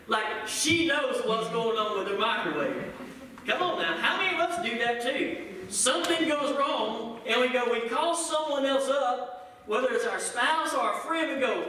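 A man preaching a sermon as pastor, joking with the congregation and acting out quick bits of everyday dialogue. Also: very high voice, animated, bright, forceful tone, slight background noise. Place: church sanctuary. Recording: echoey room, picked up from a distance.

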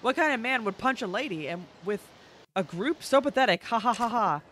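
A woman's voice: fairly high pitch, expressive, brisk, fairly bright tone, a little hiss or hum. A woman voicing a tough, brash woman fighter who mocks and bosses people, with game music behind. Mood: mocking. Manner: scornful, swaggering.

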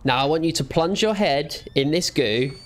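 Gamer, young man, slightly high voice, cheeky running commentary with faint background noise. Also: animated, moderate pace. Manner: jokey, teasing, talks back to game characters. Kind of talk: let's play commentary.

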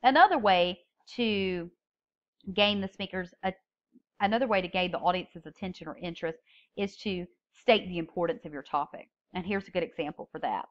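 The highs are cut off in this recorded lecture, where a woman with a lowish voice speaks at normal speed. Teaching public speaking, she explains step by step and stresses important words in the sample openings she reads aloud.

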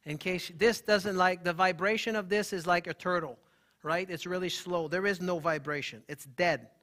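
At a moderate pace and in a high voice, this man, a holistic health practitioner, gives a vigorous, emphatic talk live and exchanges banter with audience members.

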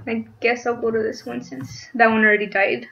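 A woman's voice: fairly high pitch, flat delivery, brisk, creaky, a bit bright. A young woman chatting casually over her gameplay, giggling and squealing now and then. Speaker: gaming channel host. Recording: dull lo-fi mic with faint noise.

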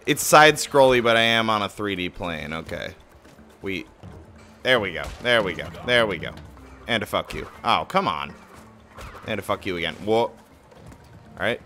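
Excitable, swearing man streaming a game. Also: on the low side. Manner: excitable, swears often, mocks his own mistakes. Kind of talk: live gameplay commentary.

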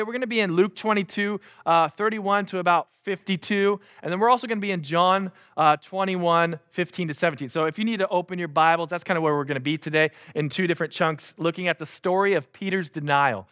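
A man's voice: high-pitched, fairly quick, hardly any pauses, a bit bright, smooth. A man preaching a casual sermon as a pastor, joking and acting out Bible figures in playful voices.

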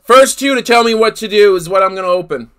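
A man's voice: sits high, fast, bright, forceful tone, clean tone. A man hosting a live card break, calling out each player he pulls and exclaiming over the big hits. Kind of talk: live card-opening commentary.

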